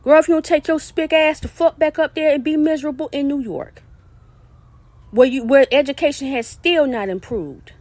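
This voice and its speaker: High-voiced, profane woman ranting. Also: normal speed, a little mellow, no echo. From South Carolina. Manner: profane, confrontational, insulting. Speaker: podcast host. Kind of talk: angry solo podcast rant.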